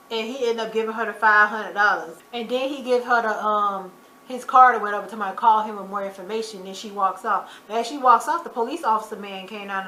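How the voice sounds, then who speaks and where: A woman with a fairly high, bright, forward voice chats her way through a TV episode recap, full of fillers and sudden loud outbursts. She sounds like she is in an echoey room with a faint hum of noise behind her. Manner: chatty, loose storytelling with many fillers; animated, quick to loud exclamation. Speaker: YouTuber recapping a TV drama.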